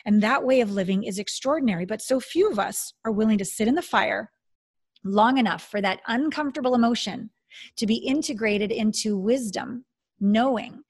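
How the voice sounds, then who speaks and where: A woman's voice: a little high, normal speed, slightly rough. A woman hosting a casual conversation, talking with enthusiasm and acting out inner voices.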